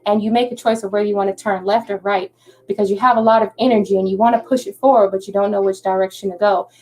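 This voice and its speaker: A woman's voice: medium pitch, steady tone, fast, darkish tone. A woman doing a live-stream tarot reading, chatty and reassuring, often checking in with "okay?". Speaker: tarot reader.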